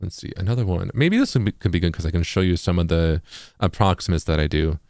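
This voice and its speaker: A low-voiced man with an East Coast accent explains his process in a loose, casual way. He leans on fillers and says words aloud to show their sounds. The recording is close and dry. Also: fast talker, no echo. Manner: relaxed, filler-heavy, sounds words out as examples. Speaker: music producer and streamer.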